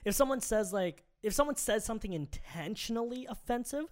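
Emphatic, argumentative man with lively pitch. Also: brisk. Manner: emphatic, argumentative, swears freely. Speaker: podcast co-host. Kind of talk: casual opinionated chat.

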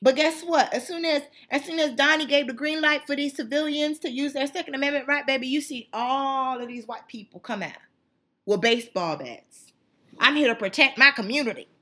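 Fiery bright-voiced woman ranting. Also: high voice, moderate pace. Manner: fiery, emphatic, repetitive. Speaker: channel host. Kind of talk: impassioned monologue.

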